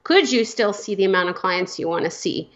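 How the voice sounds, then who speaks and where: Brief: female business coach guest, mid-pitched, explanatory and giggly, slightly dull audio. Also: fairly quick. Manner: warm-hearted, laughs often, thoughtful explaining. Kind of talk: casual podcast chat.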